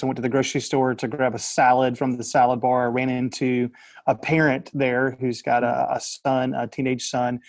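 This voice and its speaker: A man's voice: mid-range voice, no room sound. A man hosting a parenting podcast, talking in a chatty, casual way with lots of fillers. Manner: chatty, warm-hearted with frequent fillers. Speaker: podcast host.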